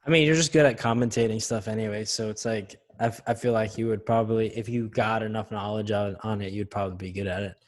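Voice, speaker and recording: A man's voice: on the low side, fairly even intonation, fast, few pauses. A man hosting a podcast, chatting casually in an easygoing way with supportive asides. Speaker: podcast host.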